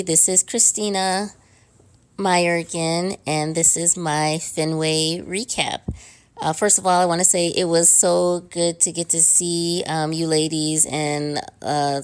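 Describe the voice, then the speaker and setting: A woman's voice: sits low, flat delivery, measured pace, smooth. A woman recording a casual voice-memo recap for a podcast, rambling along with many ums and uhs. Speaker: fan sending in a recorded story.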